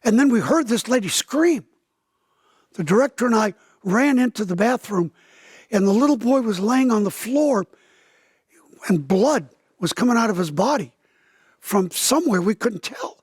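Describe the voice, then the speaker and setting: A man's voice: high voice, expressive, normal speed, long pauses, husky, no room sound, clean studio sound. A pastor in his seventies gives an interview and tells a dramatic story vividly, acting out the voices of the people in it. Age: 70s. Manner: vivid storyteller, acts out quoted dialogue with a raised voice. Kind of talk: interview testimony, telling a story.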